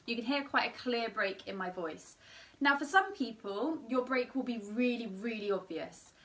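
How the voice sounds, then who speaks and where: A woman's voice: a little high, normal speed, fairly bright tone, far from the mic. Tired-voiced woman singing teacher. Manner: demonstrates sung vowels between explanations. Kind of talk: online singing lesson.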